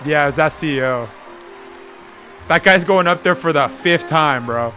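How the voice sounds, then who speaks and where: A man's voice: a little high, unhurried, sharp tone, soft background music. A man streaming live and reacting to an awards show with casual, joking commentary, often laughing. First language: French. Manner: joking, laughing, teasing remarks.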